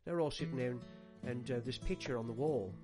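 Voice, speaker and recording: An actor playing a rambling older radio host who repeats words and stalls on fillers. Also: male voice, medium pitch, fast talker, over music, natural voice. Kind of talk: comic radio banter.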